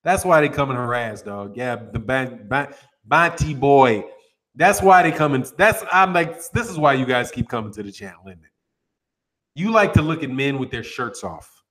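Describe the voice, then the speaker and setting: A man's voice: mid-range voice, expressive, moderate pace, a bit bright. A man hosting a boxing talk channel, chatting casually in loose slang and laughing often. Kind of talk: casual chat.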